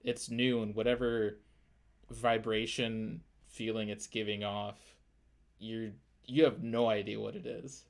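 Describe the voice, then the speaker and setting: A man's voice: lowish voice, little pitch movement, unhurried, vocal fry. A man narrating as game master, loose and full of fillers. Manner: loose, filler-heavy descriptions.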